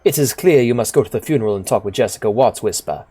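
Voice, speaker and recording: A man voicing a formal, kindly older woman elder with a put-on Southern accent, speaking softly and slowly. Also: medium pitch, animated, breathy edge. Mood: solemn. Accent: put-on American Southern.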